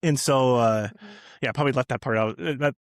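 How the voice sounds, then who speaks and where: A man's voice: medium pitch, brisk, no echo. Rambly guy guesting on a podcast, lots of ums and restarts, laughs a bunch, dry close sound. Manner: rambling storyteller, frequent fillers and restarts, laughs often. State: new father. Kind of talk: casual podcast chat.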